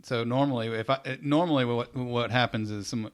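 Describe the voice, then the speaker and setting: Podcast cohost guy, chill chat, mid pitch, lots of uh-huhs. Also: fairly even intonation, a little fast. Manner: attentive listener, frequent affirmations. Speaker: podcast co-host. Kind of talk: casual chat.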